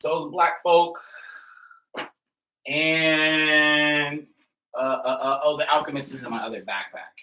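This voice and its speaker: Relaxed man chatting on a live stream. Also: fairly high pitch, slow pace, long pauses. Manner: relaxed, rambling, with many fillers and laughs. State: a little tired. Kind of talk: casual live-stream chat. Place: indoors at home.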